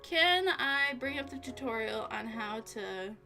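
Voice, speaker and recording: A woman's voice: a little high, lively intonation, measured pace, vocal fry, sharp tone, faint music behind. A tired woman streaming casually, rambling to herself and her chat with little laughs. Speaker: vtuber streamer.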